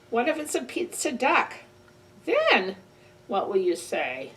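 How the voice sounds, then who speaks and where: A woman's voice: a little high, wildly swooping pitch, takes it slowly, fairly bright tone. A woman librarian reading a picture book aloud to children in a playful way, with animal sound effects. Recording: distant mic with faint ambient noise.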